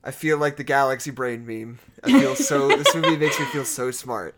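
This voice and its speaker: A young man co-hosting a casual film chat, excitable and quick to laugh. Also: medium pitch, very noisy. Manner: excitable, enthusiastic, laughs often.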